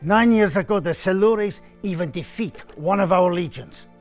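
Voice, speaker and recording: A man's voice: high-pitched, normal speed, soft background music, natural voice. A man playing a weary, homesick Roman foot soldier in a put-on Italian accent, telling his story theatrically in an educational drama. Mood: storytelling.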